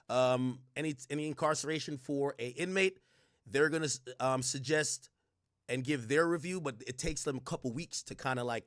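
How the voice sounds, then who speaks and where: A man streaming live reaction commentary in a loud, joking, profane rant. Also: a little high, no room sound, clean studio sound.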